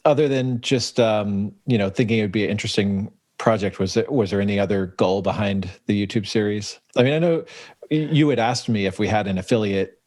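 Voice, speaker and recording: A man's voice: fairly low pitch, a little fast, a little mellow, no echo. A man hosting a podcast, asking easygoing follow-up questions and laughing often. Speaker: podcast host. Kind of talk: casual interview chat.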